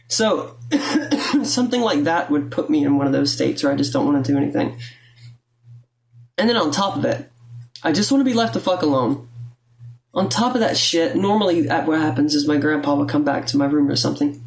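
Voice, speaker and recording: A woman's voice: deep voice, animated, brisk, creaky. Blunt young woman, rattly throat. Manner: blunt and profane, rambling with restarts. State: rattly, phlegmy throat with coughs. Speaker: vlogger. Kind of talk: casual confessional talk to camera. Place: at home, indoors.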